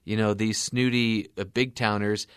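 A man co-hosting a casual movie talk show, playful and animated when telling stories. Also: on the low side, measured pace, clear, resonant tone, no echo, studio quality. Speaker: co-host. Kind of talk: casual chat.

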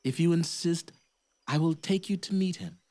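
A man voicing a calm, knowing mother in a folk tale, speaking in a low, gentle, warning way. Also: moderate pace, lightly acted.

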